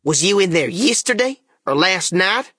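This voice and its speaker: A man voicing a blustering old male swindler who poses as a king, gruff and bullying, in an audiobook reading. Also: sits high, expressive, moderate pace, bright, forceful tone, no room sound, clean studio sound, pitched above the performer's own voice, full character voice. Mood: demanding. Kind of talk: audiobook character voice.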